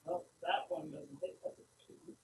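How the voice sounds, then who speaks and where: Man, tabletop player, hesitant with ums, high bright voice, echoey room, distant mic. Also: steady tone, moderate pace, noisy background. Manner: hesitant, full of "um" and "uh". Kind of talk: casual tabletop play.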